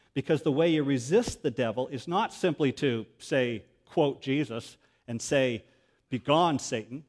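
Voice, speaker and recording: A man preaching a sermon, earnest and methodical, working through numbered points and dropping low and quiet when he quotes scripture. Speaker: pastor.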